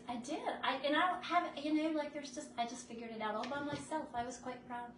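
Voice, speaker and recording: A woman hosting a craft livestream chats casually with viewers by name as she crafts, speaking in a high, steady voice, quickly and with few pauses. She's far from her phone on a stand, and the audio is noisy and echoey.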